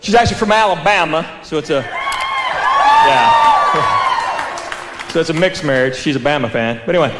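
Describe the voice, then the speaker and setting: A man's voice: a little high, huge pitch swings, fast talker, a loud crowd. A man doing stand-up, telling stories with acted-out quotes and laughing along. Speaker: stand-up comedian. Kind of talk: stand-up comedy routine. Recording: live hall recording with audience noise.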